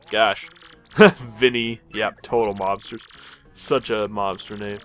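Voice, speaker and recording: A man's voice: fairly low pitch, steady tone, slow pace, fairly bright tone, soft background music. Rambling man commenting on a video game. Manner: rambling, loose, lots of fillers and laughs at himself. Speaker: let's play host. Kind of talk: casual gameplay commentary.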